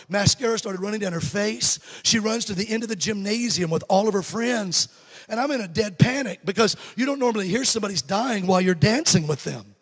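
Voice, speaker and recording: Preaching in a church sanctuary, an Alabama evangelist in his fifties with a Southern accent delivers a funny story and banters with the congregation. His high voice is fairly quick with a breathy edge, and a long reverb tail follows it.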